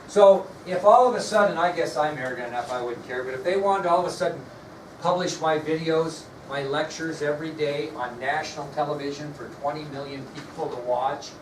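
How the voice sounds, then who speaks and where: A man's voice: fairly high pitch, fairly quick. A man giving a history lecture to his class, blunt and folksy, often putting questions to the students. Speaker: history teacher. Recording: echoey classroom from far off with noise.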